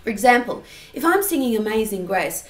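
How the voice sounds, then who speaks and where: A woman's voice: fairly high pitch, very animated, fairly quick, echoey room. A woman giving a singing lesson, explaining step by step and breaking into sung examples. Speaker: singing teacher.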